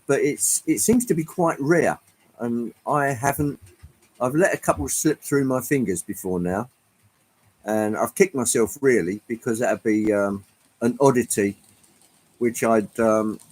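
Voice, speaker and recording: A man's voice: mid-range voice, unhurried, a little mellow, poor audio. A man hosting a casual livestream, chatting to viewers in a rambling, hesitant way with frequent ums, from Britain. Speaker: livestream host. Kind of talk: casual chat with live chat viewers.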